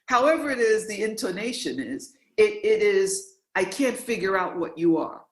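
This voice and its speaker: An interview host from New York tells stories in an animated, emphatic way and often repeats words for effect. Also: medium pitch, moderate pace. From New York, USA. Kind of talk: interview, conversational. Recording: roomy, echoey sound.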